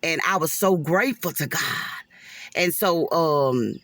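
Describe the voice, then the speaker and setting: A woman's voice: deep voice, measured pace, dry recording. A woman, telling an emotional personal story to viewers in a casual vlog, with churchy asides.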